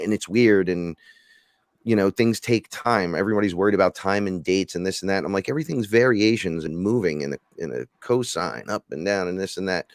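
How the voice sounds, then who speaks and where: A man talks in a loose, rambling way and slips into little acted-out quotes. His voice sits fairly low, and the sound is dry and close with no room around it. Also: fairly quick, dry recording. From New York. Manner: rambling, animated, acts out quotes. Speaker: podcast guest. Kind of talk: casual chat.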